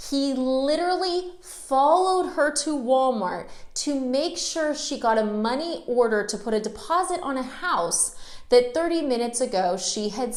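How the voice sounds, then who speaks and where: A woman's voice: high voice, reverberant. A woman mortgage loan officer chatting casually to her viewers and animatedly acting out stories about pushy salespeople. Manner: chatty, animated, acts out quotes. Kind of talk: casual storytelling vlog.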